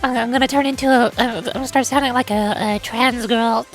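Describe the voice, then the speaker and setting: A woman streamer in casual chat who stammers and exclaims in an animated way. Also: on the high side, a little fast, soft background music.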